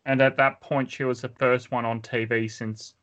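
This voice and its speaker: A man's voice: medium pitch, level tone, moderate pace, a bit bright. A man co-hosting a casual wrestling podcast, moving the talk along and asking questions. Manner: steers the talk, asks questions. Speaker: podcast co-host.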